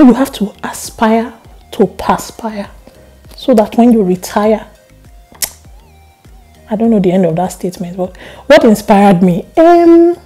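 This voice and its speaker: A young woman vlogger chatting casually to camera, telling stories with animated laughs. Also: medium pitch, breathy edge, poor audio. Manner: animated storytelling, laughs often.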